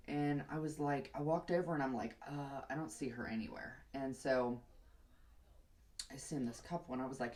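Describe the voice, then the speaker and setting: A woman's voice: rumbling low, steady tone, moderate pace, darkish tone. A young woman vlogger telling a long casual story while doing her hair, rambling and chatty, sometimes muttering to herself.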